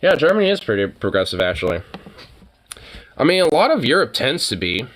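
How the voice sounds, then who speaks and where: A man's voice: mid-range voice, sing-song, brisk, a bit bright. A young man streaming live, ranting casually in a profane, rambling way full of fillers. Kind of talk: casual livestream rant.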